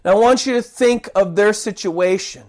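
A preacher giving a sermon, talking conversationally and acting out loud, desperate cries for help. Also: mid-range voice, normal speed. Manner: dramatic, acts out the cries of those he preaches about; conversational, rambling restarts.

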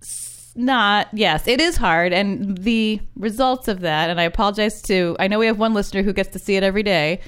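Brief: female co-host, smooth clear voice, wry chatty banter, easy laughter. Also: mid-range voice, a little fast. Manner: wry, chatty, self-deprecating. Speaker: podcast co-host. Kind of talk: casual chat.

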